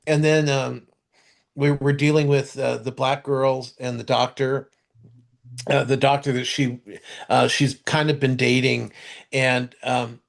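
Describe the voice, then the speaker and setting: Man, podcast co-host, casual TV chat, gravelly voice, rambling, halting, lots of restarts. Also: medium pitch, little pitch movement. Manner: outspoken, swears casually. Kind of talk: casual chat reviewing TV shows.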